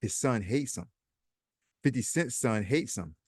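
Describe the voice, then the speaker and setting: A man's voice: mid-range voice, lively intonation, a little slow, breathy edge, dry recording, studio quality. A man hosting a casual commentary vlog, chatty and sarcastic, reading posts aloud and adding his own comments. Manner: chatty, sarcastic, repeats himself. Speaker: host.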